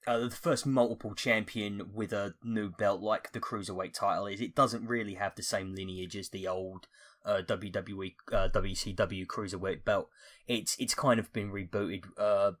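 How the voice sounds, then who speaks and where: A man hosting a wrestling podcast, steadily leading the talk and passing questions to the others. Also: fairly low pitch. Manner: steady, brisk, leads the discussion. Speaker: podcast host. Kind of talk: casual podcast chat.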